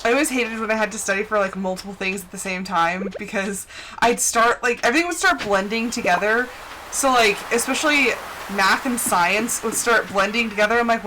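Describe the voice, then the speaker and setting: A woman's voice: medium pitch, fairly quick, noisy background. A young adult woman hosting a live stream, chatting casually and playfully while she plays a game. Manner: chatty and playful, with animated storytelling asides. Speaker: live-stream gaming host.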